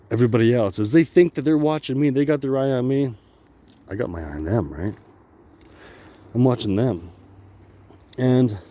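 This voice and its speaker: A man's voice: medium pitch, warm tone. A man talking in a rambling, profane monologue while walking outdoors on a wooded path, filming himself with a handheld camera. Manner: rambling, profane, laughs often. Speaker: vlogger.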